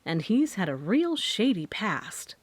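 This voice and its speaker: A woman's voice: medium pitch, sing-song, takes it slowly, no echo. A woman voicing a tired, cocky young male journalist who speaks in an easygoing, teasing way. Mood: wry.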